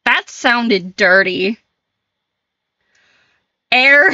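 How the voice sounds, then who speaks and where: A woman's voice: fairly high pitch, lively intonation, slow pace, long pauses, a bit bright, highs cut off. A woman streamer chatting casually on a live stream, giggly and flustered, laughing often as she reacts.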